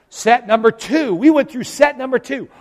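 A middle-aged male pastor telling a humorous story in a sermon, jumping from loud exclamations to quiet asides. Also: extremely high pitch, in a large hall.

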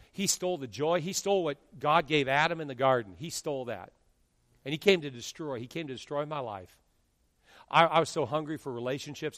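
A pastor in his fifties delivers an animated sermon in a mid-range voice, acting out quotes from members of his congregation. The audio is studio quality with no echo, yet has a long reverb tail.

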